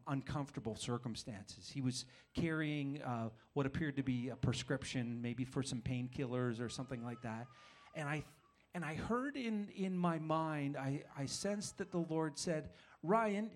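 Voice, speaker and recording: A man preaching a sermon, telling a personal story in a self-deprecating way, with frequent restarts. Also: mid-range voice. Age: adult father of young children.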